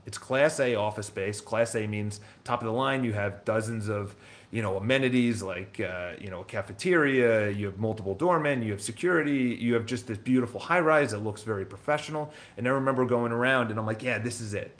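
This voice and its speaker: A real estate broker and business owner telling his story in casual, rambling talk, blunt and quick to swear. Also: mid-range voice.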